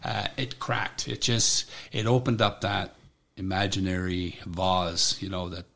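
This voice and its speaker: Blunt gravelly veteran man. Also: low voice, flat delivery, bright, forceful tone. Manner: blunt, profane, halting. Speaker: military veteran guest. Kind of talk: personal account in an interview.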